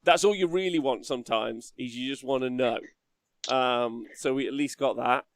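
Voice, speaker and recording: A man hosting a casual livestream podcast, chatty and quick to laugh as he reads the chat aloud. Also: mid-range voice, no echo, clean studio sound. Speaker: podcast host.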